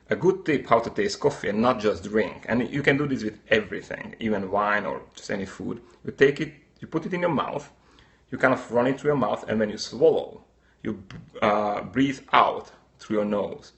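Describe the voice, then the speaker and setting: Gravelly man with a Central European accent. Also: on the low side, normal speed, a bit bright. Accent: Slovak-Hungarian. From Slovakia. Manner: chatty, answers viewer comments, upbeat. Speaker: livestream host. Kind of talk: casual live-stream chat.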